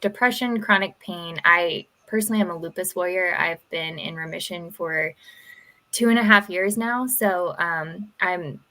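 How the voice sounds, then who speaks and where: A young woman panelist introducing herself with halting speech and many fillers on a video call. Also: on the low side, pushed and bright, rough recording. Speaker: panelist, YouTuber.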